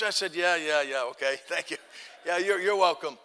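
A man's voice: high voice, fairly quick, sharp tone. A man preaching, telling a folksy story and acting out both sides of the talk. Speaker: pastor. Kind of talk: sermon storytelling. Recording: long hall reverb.

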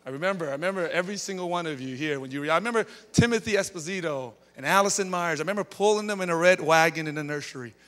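Man, pastor, chatty sermon storyteller, fairly high voice, bright tone, echoing church hall. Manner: chatty, tags lines with okay and all right. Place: church sanctuary.

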